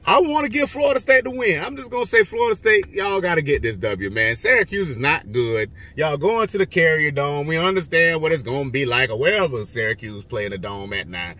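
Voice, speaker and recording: A man casually rambling through his football picks, joking and swinging between loud and quiet. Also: recorded from a distance. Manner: rambling, joking, lively swings in pitch and loudness. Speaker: vlogger giving football picks.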